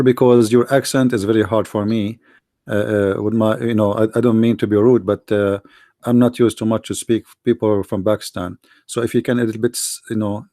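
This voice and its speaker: A man's voice: fairly low pitch, warm tone, no echo, studio quality. A man with an Arabic accent hosting a live call-in debate stream, asking insistent, challenging questions. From Middle East. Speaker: debate livestream host.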